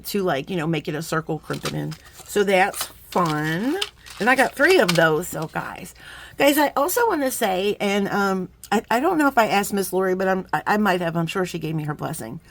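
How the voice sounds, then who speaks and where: A middle-aged woman talks her way through a craft unboxing in a loose, rambling chat. She laughs often and turns emotional easily, at an ordinary mid pitch, with faint noise behind her. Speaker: beading vlogger.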